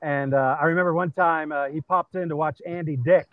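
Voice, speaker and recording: Over phone-quality sound with no echo, a Californian stand-up comic speaks a little high and briskly. He's at a crowded comedy venue with people moving about, casually storytelling in an animated way and leaning heavily on "uh."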